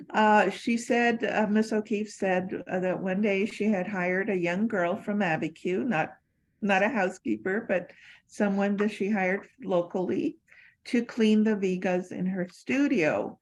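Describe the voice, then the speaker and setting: A woman's voice: mid-range voice, fairly even intonation, a little slow, a little hiss or hum, low-quality recording. An older woman answering audience questions, telling personal stories with frequent fillers and restarts. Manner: warm anecdotal, many fillers and restarts. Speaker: former assistant sharing memories. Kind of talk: lecture Q&A storytelling.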